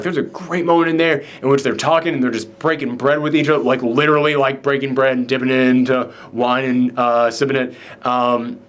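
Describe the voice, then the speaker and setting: A man's voice: medium pitch, fairly bright tone. A man hosting a casual movie reaction chat, enthusiastic and rambling, with lots of fillers and restarts. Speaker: film review show host.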